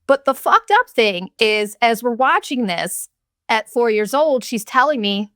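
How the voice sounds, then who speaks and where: A woman's voice: fairly high pitch, lively intonation, measured pace, fairly bright tone, no echo, studio quality. A woman in her thirties hosting a podcast, ranting in a candid, profane, sarcastic and rambling way. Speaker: podcast host. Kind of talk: casual solo podcast rant.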